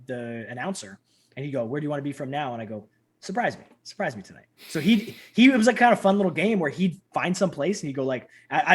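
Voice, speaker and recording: A man in his thirties, a guest telling stories in a casual interview, animated and acting out quoted lines. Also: husky. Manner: animated, acts out quotes with big pitch jumps.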